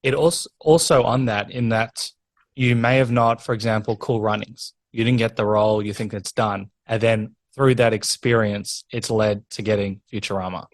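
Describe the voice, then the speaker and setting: A man's voice: lowish voice, fairly even intonation, normal speed, no room sound. A man hosting a podcast interview, eager and rambling in his questions, often laughing. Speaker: podcast host. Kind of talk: interview chat.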